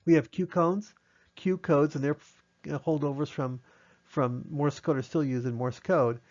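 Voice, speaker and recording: A man with a slightly raised pitch gives a relaxed online class on amateur radio. He explains things in a loose, chatty way, full of restarts, and acts out quick on-air exchanges. The audio is a little dull and lo-fi.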